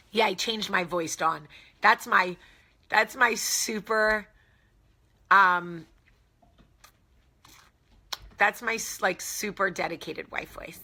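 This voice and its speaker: A woman's voice: fairly low pitch, measured pace, pushed and bright. A woman with a New Jersey accent hosting a casual live chat, candid and jokey with blunt, salty asides. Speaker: host.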